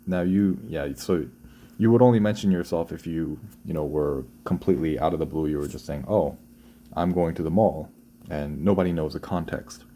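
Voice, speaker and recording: Man, teacher, very low voice, mellow tone, casual grammar lesson, chatty and self-correcting. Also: fairly quick, slight background noise. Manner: loose and conversational, often restarting and asking "right?". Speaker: Korean language teacher.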